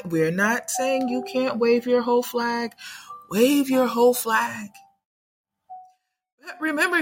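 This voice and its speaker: A woman voicing kindly elevated ancestor spirits who coax and gently scold in a motherly way. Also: a little high, pitched above the performer's own voice, natural voice.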